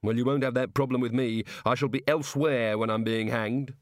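A man's voice: mid-range voice, fairly even intonation, fairly quick, dry recording, clean studio sound, lightly acted. A man voicing a nervous, gloomy wizard facing the gallows, sardonic and tense. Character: anxious, gloomy male wizard prisoner. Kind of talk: audiobook character voice.

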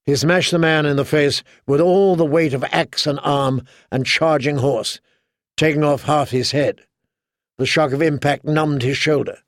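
A man narrating an audiobook in steady, dramatic storytelling. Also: fairly high pitch, unhurried, no echo, studio quality. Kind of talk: scripted narration.

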